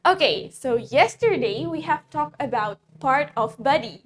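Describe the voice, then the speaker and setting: A young woman with an Indonesian accent teaching an English lesson, saying each line in English and then again in Indonesian, slowing down for the English. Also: high voice, animated. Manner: repeats each line in two languages, slow and clear in English.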